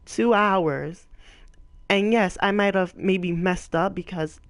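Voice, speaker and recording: A woman's voice: mid-range voice, slow pace, no room sound, poor audio. Young woman venting while she games. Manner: emotional, rambling, full of "like" fillers. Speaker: gaming vlogger. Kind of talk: casual venting while playing a game.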